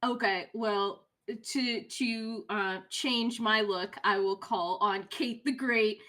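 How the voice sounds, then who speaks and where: A woman playing a tabletop game, describing her character with many fillers and pauses. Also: mid-range voice, fairly even intonation, bright, forceful tone. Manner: halting, slow, with fillers. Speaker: player. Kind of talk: casual tabletop play.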